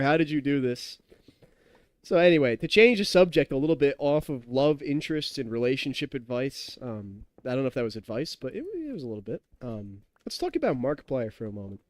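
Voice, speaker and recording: A man's voice: mid-range voice, dry recording, clean studio sound. A tipsy young man in his twenties streaming a game, rambling and chatty, laughing and talking to his chat. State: tipsy from drinking. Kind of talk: casual live-stream chat while gaming.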